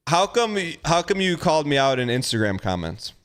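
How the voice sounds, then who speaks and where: Male streamer, animated pitch, playful and impulsive chatter. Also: a little fast, clear, resonant tone. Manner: playful, impulsive, laughs often. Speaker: live streamer. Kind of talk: casual chat.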